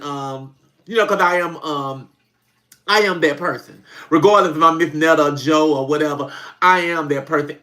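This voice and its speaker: A man who makes comedy skits, chatting casually on a livestream as an animated, laughing storyteller who swears freely. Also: a little high. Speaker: comedy skit creator hosting a livestream.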